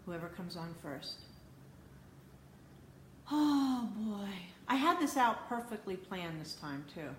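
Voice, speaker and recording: Woman doing a live cooking stream at home, bright voice, flustered, muttering to herself, faint room hum. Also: fairly low pitch. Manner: flustered, muttering to herself while fixing camera. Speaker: cooking show host. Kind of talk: live stream, talking to viewers. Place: home kitchen, indoors. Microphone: phone or tablet camera mic.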